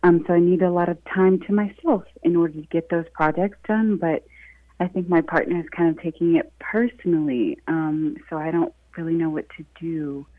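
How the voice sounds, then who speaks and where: A woman's voice: lowish voice, steady tone, normal speed, no echo. A woman calling in to a radio advice show, talking hesitantly with lots of ums and you-knows. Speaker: caller. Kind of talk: call-in radio talk. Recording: tinny phone line.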